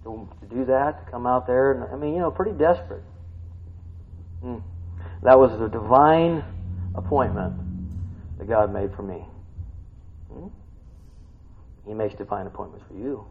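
A middle-aged male pastor preaching a sermon, tired, animated, swinging from quiet talk to shouting. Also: mid-range voice, a little slow, pauses often, a little hiss or hum. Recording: dull lo-fi recording.

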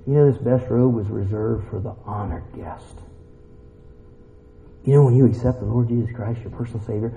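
A man preaching a sermon in a church, animated and swinging from hushed asides to loud exclamations. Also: mid-range voice, creaky. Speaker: pastor. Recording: dull lo-fi recording.

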